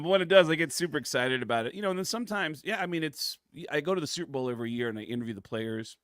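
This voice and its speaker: Brief: middle-aged male comedian guest, animated storyteller, slips into voices, crisp edge. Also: a little high, rapid-fire, few pauses, no room sound, studio quality. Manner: excitable, acts out voices in his stories. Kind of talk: casual interview storytelling.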